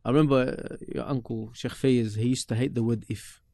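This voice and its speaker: A man, telling stories from his student days in a casual, animated way, often repeating himself and dropping in Arabic religious terms. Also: medium pitch, brisk, creaky, no echo. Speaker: podcast guest recalling his teachers. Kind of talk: casual storytelling chat.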